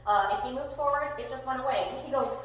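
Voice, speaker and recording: A woman dog trainer teaching a hands-on lesson, upbeat and animated, with bursts of excited praise. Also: sits high, fast talker. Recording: echoey room, distant mic, faint noise.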